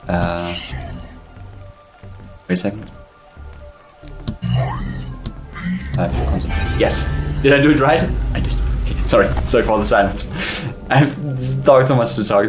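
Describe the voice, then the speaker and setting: Male indie developer, low voice, rambling game commentary, faint music under it. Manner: rambling, many fillers and restarts, enthusiastic. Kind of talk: casual gameplay commentary.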